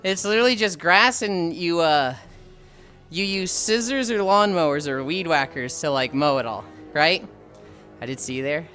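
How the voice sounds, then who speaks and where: A man's voice: on the high side, normal speed, sharp tone. A man streaming while walking, chatting casually, rambling with frequent sighs and casual swearing. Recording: faint music behind.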